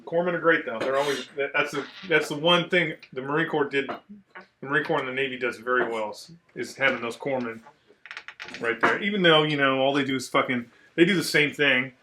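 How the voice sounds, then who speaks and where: A man telling war stories in a casual, profane chat, animated as he acts out the people in them. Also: medium pitch, a little fast, background noise. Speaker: podcast host, Marine veteran.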